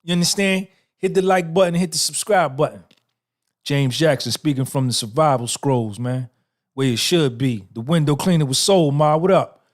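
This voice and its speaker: Talking at a moderate pace in a fairly high voice, a fifty-something man runs a livestream podcast. He responds to the chat casually, bragging and swearing with a streetwise edge.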